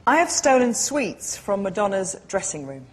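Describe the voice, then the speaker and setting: A woman's voice: medium pitch, very animated, moderate pace, a little hiss or hum. A woman guest on a comedy panel show, telling a story hesitantly while searching for words.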